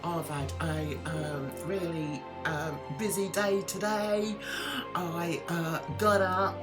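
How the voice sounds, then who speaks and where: A woman's voice: on the low side, steady tone, music in the background, voice pushed down. A woman doing a droning, mumbling male vlogger. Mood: mocking drone. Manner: slow, halting, mumbling drone with hesitations.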